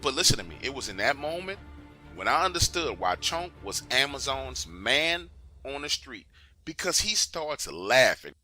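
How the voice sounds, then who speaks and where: A man's voice: medium pitch, sharp tone. A man narrating a true story in an emphatic, conversational way, often urging the listener to pay attention.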